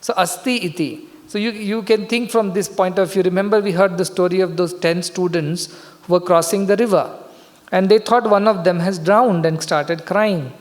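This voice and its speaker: A man's voice: sits high, steady tone, normal speed. A man giving a scripture discourse as a spiritual teacher, explaining patiently and repeating key words. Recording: long hall reverb.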